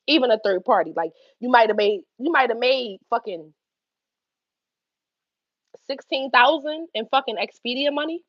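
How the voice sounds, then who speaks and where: A woman's voice: a little high, lively intonation, normal speed, pauses often, no echo, dull audio. A woman casually explaining night hotel work, swearing freely and often checking that the listener follows. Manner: profane, conversational, checks in with listener. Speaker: vlogger explaining her hotel job.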